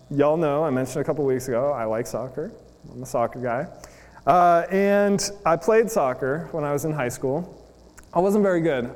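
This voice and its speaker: High-voiced man preaching in a reverberant hall. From United States. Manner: chatty, storytelling, many fillers. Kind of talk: sermon with personal story.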